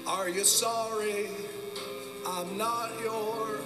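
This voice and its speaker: A man putting on a male ex-president serenading in a slow, drawn-out croon, pitched way up high with a smooth vibrato. The unaccompanied singing rings in a roomy echo. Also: steady tone, over loud music. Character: male former president crooning like a rock-and-roll idol. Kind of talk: a cappella comic song.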